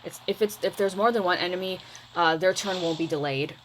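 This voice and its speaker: Her voice sits fairly low and moves at a fairly quick clip, captured on a low-quality recording with a little hiss or hum. She's a mobile game video creator offering rambling, hesitant gameplay commentary for her channel, drifting off mid-thought and confessing she mumbles.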